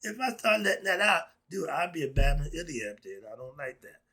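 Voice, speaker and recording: A man's voice: a little high, big pitch swings, fairly quick, bright, forceful tone, husky. A man talking through a casual monologue on his own channel, emphatic, asking himself questions and answering them, stretching out the words he stresses.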